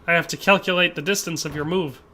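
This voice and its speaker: A man's voice: fairly high pitch, fairly even intonation, quick pace, sharp tone, a little hiss or hum. A man from Wisconsin, chatting casually with his viewers while he plays a game on a live stream. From Wisconsin, USA. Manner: chatty, reads viewer chat aloud and answers it.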